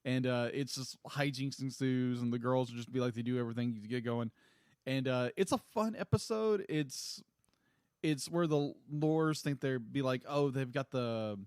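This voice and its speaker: A man's voice: medium pitch, darkish tone, clean tone, dry recording, studio quality. A man co-hosting a podcast, chatting casually about a cartoon episode, rambling and restarting his sentences. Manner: rambling, halting with many restarts and fillers. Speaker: podcast co-host. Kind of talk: casual chat.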